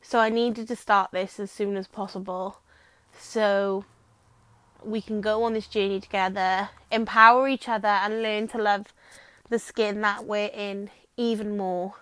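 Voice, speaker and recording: A woman's voice: mid-range voice, level tone, measured pace, a bit bright, smooth, no room sound. Rambling Welsh woman podcaster. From Wales. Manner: rambling, chatty and self-deprecating. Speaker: podcast host. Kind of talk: casual chat. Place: bedroom, lying on her bed. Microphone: microphone.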